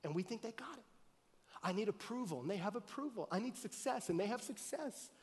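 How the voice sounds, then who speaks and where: Animated male pastor in a reverberant hall. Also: sits high, brisk. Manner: animated, swings from loud excited bursts to quiet earnest talk. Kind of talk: sermon with storytelling.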